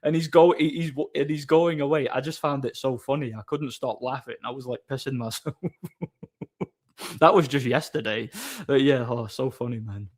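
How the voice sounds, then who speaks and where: A man's voice: medium pitch, normal speed. A young man chatting casually on his livestream, telling rambling door-work stories and laughing at them. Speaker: streamer and bar doorman.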